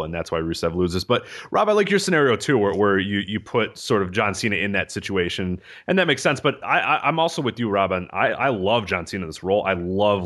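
Fast-talking podcast host, lowish voice. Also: male voice, a bit bright. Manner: rapid questioning, stumbling over words. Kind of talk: casual podcast discussion.

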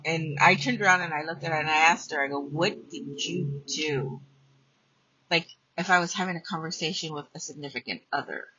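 Gravelly woman telling a blunt story. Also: low-pitched, no room sound. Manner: blunt, profane, animated storytelling. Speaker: podcast host. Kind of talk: casual storytelling. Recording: dull lo-fi dry recording.

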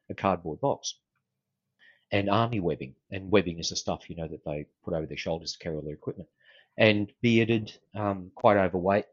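A husky, very deep-voiced Australian man recounts an old story in an easygoing, anecdotal way, with plenty of ums and restarts. The sound is dry and a bit dull and lo-fi. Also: dry recording. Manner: unhurried, anecdotal, with frequent fillers and restarts. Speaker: guest, former police officer. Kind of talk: casual storytelling in an interview.

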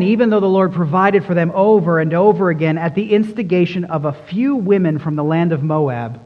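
A man's voice: high-pitched, lo-fi sound. A man preaching a sermon as pastor, emphatic and fond of repeating phrases for stress. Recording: long reverb in a large hall.

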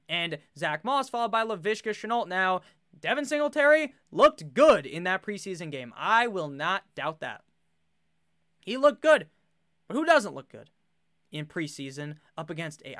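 A young man in casual, animated draft commentary, swearing freely and drifting into rambling asides. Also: high-pitched, clear, resonant tone, no room sound, studio quality. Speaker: fantasy football YouTuber.

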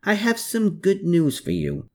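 A man's voice: high-pitched, a little slow, voice pushed up. A man voicing a sneering, snarling army colonel. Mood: scornful. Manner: growling, snapping, scornful. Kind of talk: audiobook character voice.

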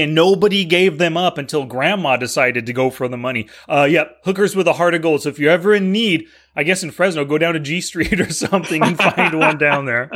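A man's voice: on the high side, a little fast, hardly any pauses, a bit bright. A man co-hosting a casual movie discussion in an easygoing, agreeable, joking way. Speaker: podcast co-host.

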